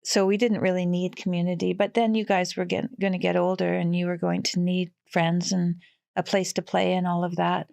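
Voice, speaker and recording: Woman in her sixties, from western Canada, animated storyteller, laughs often, dry close sound. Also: fairly low pitch, normal speed, creaky, dry recording. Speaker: guest. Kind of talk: casual storytelling.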